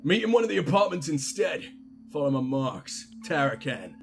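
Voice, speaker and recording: A guy putting on a gruff game character with a thick Cockney accent, voice dropped way down low, curt and secretive, barking orders. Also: very animated, normal speed, a little hiss or hum. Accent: put-on Cockney. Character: gruff male contact with a put-on Cockney accent.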